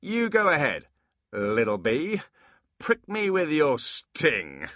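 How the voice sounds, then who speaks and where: A man's voice: mid-range voice, sing-song, slow, bright, forceful tone, no room sound, studio quality, pitched above the performer's own voice, heavily acted. A man voicing a mocking, bullying male demon leader who taunts a small imp. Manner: taunting, jeering.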